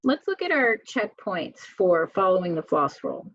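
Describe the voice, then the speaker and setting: A woman's voice: lowish voice, very animated, dry recording, highs cut off. A woman teacher giving a spelling lesson to children, reading words aloud one by one and asking the class questions. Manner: slow, clear word-by-word reading with questions to students.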